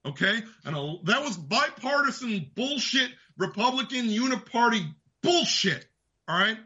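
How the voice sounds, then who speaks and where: A man's voice: very high voice, animated, moderate pace, sharp tone, highs cut off. A man hosting a show, delivering an angry, profane political rant. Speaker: host. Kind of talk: ranting political commentary.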